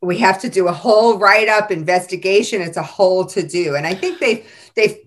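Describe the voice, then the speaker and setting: A woman's voice: medium pitch, brisk. A woman hosting a casual teacher podcast, reading out classroom stories with frequent laughter. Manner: lively storyteller who laughs often.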